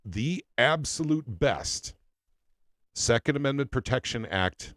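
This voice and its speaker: A man's voice: medium pitch, lively intonation, slow, fairly bright tone, no echo, studio quality. A man hosting a casual political talk show, speaking emphatically and repeating phrases for effect. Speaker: podcast host.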